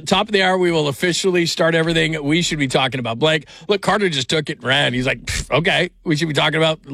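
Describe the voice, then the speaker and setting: A man's voice: on the high side, creaky, fairly bright tone, no echo. A man hosting a sports radio show in casual, rambling, jokey chat. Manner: rambling, jokey, with many restarts.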